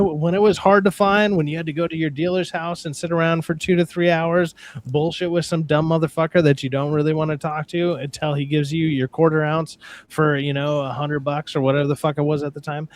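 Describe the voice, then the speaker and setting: Blunt, opinionated man, slightly high voice. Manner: blunt, opinionated, rambling, swearing. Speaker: podcast co-host. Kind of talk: casual movie review chat.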